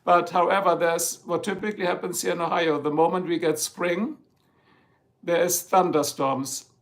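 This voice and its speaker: A man's voice: high-pitched, steady tone, moderate pace, gravelly. A man with a heavy German accent, German his native language, chatting casually and rambling jokily on a home livestream. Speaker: livestream host. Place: home, Ohio.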